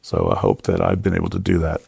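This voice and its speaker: Gravelly husky-voiced man telling stories. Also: sits low, sing-song, fast talker, no room sound, clean studio sound. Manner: rambling, warm storytelling with many fillers. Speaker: guest production designer. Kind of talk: casual interview chat.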